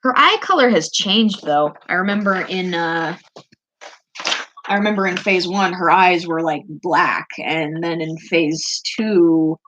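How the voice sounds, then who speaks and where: A woman's voice: fairly low pitch, a little slow, fairly bright tone, muffled recording, slight background noise. A woman streamer chatting casually as she shows her drawings, rambling and gushing over cute things. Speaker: streamer showing her artwork.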